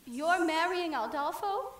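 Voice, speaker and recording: A woman's voice: extremely high pitch, expressive, a little slow. A woman playing a melodramatic young showgirl bride on stage. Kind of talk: amateur stage musical acting. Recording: distant, roomy stage recording with music.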